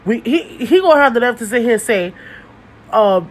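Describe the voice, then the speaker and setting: A woman's voice: on the high side, expressive, quick pace, a bit bright, low-quality recording. A young woman telling a story about her dating life in a casual vlog. She talks bluntly and animatedly, swears, and laughs often. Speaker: storytime vlogger.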